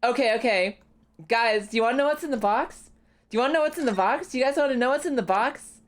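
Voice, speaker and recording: A young woman streaming a game, chatting casually, excitable, swearing often and breaking into squealing laughs. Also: a little high, fast. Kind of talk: casual live-stream chat while playing a game.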